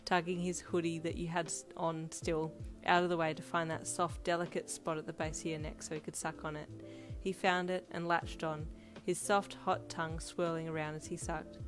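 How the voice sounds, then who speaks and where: A woman narrating a second-person fan fiction audiobook in a steady storytelling read. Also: low voice, normal speed. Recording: loud music bed under voice.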